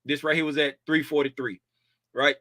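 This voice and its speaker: A tired man talks through a chart walkthrough in a loose, colloquial way, tagging "right?" onto his points. His voice sits a bit high and sounds bright and forceful. The recording is dry, with no room sound. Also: steady tone, normal speed, no room sound. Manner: conversational, repeats "right?" often, colloquial speech. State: tired, dragging. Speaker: futures trading educator. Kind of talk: casual screen-share chart walkthrough.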